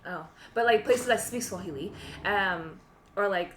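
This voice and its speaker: A woman's voice: medium pitch, unhurried, a crowd in the background. A woman co-hosting a podcast, telling a rambling story full of fillers and laughter. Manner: rambling, animated retelling with frequent laughs and fillers. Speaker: podcast co-host. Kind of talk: casual storytelling chat. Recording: roomy echo.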